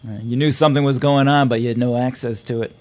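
A man's voice: medium pitch, steady tone, fast, a little mellow. A man co-hosting casual radio chat, teasing and prompting his partner with questions.

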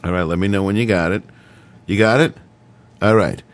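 A man's voice: sits low, moderate pace, dry recording. A man hosting a comedy radio show, bantering casually and goofily, now and then slipping into mock accents. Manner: goofy, jokey, slips into mock accents.

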